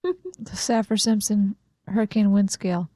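Female co-host, mid-pitched, plain matter-of-fact reading. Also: expressive, measured pace, dark tone, no echo. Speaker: podcast co-host. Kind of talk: casual chat, reading info aloud.

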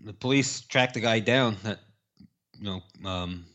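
A man's voice: fairly low pitch, a little slow, a bit bright, dull audio. A man co-hosting a casual podcast, exhausted, telling stories in a dry, plain way. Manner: tired, dry, plain storytelling. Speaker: podcast co-host. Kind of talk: casual chat.

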